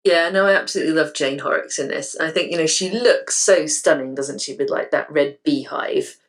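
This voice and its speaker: Podcast co-host, woman, deep voice, chatty and enthusiastic. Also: a little fast. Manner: chatty and enthusiastic, with filler words and laughs. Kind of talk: casual podcast discussion.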